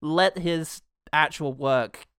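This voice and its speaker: A man's voice: fairly high pitch, takes it slowly, fairly bright tone, clear, resonant tone, dry recording, clean studio sound. A man co-hosting a podcast, chatting casually and enthusiastically about a favourite film and swearing freely. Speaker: podcast co-host. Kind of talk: casual film review chat.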